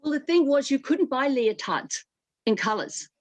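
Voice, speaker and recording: A woman's voice: high voice, expressive, normal speed, dry recording. An older woman, a costume designer, telling anecdotes as a guest in a casual interview over a video call, chatty with many restarts.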